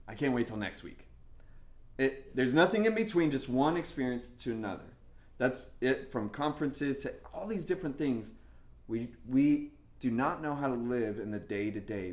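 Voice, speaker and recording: A young man preaching a sermon in a casual, animated way, with laughs and asides. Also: medium pitch. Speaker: pastor. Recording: echoey room.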